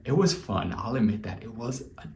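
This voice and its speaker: A man's voice: fairly low pitch, expressive, a little fast, warm tone. A man vlogging, telling a candid story to camera in a loose, chatty way. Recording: roomy echo.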